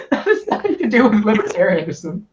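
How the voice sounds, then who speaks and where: A woman's voice: mid-range voice, huge pitch swings, normal speed, muffled recording, a little hiss or hum. A woman co-hosting a casual livestream who laughs often and talks hesitantly, with lots of "like". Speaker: livestream co-host.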